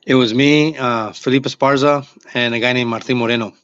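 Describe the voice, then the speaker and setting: Guy in his 40s spinning a lively story, muffled dry sound. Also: medium pitch, brisk, clear, resonant tone, no room sound. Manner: animated, acts out quoted lines. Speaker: guest comedian. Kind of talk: casual storytelling.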